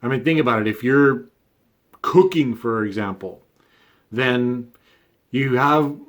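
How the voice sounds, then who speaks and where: Conversational man musing aloud. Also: medium pitch. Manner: conversational, many fillers and "right?" tags. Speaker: video essay host. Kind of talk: casual unscripted monologue.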